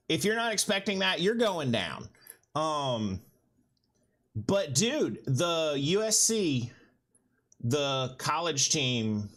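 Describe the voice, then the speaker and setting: Animated man telling a story. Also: medium pitch. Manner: profane, animated anecdote-telling with quoted voices. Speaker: livestream host. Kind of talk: casual storytelling.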